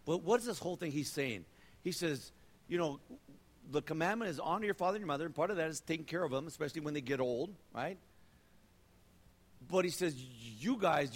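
A slightly higher-voiced man preaches a sermon in a church, casual and animated, circling back to repeat his points. His voice rings out with a long hall reverb. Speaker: pastor. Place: church sanctuary.

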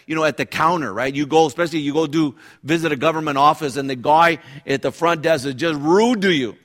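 A man's voice: fairly high pitch, a little fast, a bit bright. A male pastor preaching a sermon in a conversational, engaged way, often checking in with the congregation with asides and restarting his phrases.

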